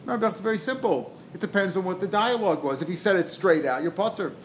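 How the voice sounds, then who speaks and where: Man, fairly high voice, Talmud teacher, repetitive lecture, acts out dialogue, Hebrew and Aramaic terms, faint noise behind. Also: expressive, racing. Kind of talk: lecture explaining a text.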